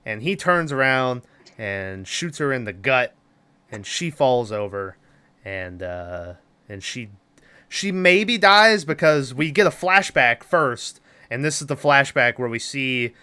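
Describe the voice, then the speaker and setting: A man's voice: medium pitch, big pitch swings, slow pace, bright, forceful tone, clean tone. A man co-hosting a podcast, giving a rambling, casual movie recap, swearing and laughing often. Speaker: podcast co-host.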